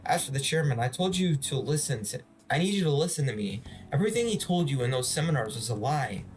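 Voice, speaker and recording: A man reading the lines of an earnest young woman fortune teller in a game, in his own mid-pitched voice. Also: very animated, quick pace, natural voice. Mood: insistent.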